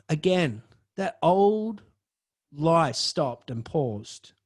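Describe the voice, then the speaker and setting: A young man tells a story alone on his podcast, and his voice sits noticeably high for a man. He swears casually and keeps shifting between hushed mutters and loud, excitable outbursts. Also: extremely slow. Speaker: podcast host. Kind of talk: storytelling monologue.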